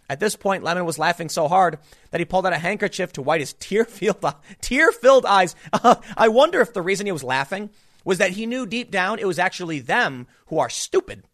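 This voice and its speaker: A man's voice: sits high, fairly bright tone. A man giving a sarcastic, mocking political commentary monologue.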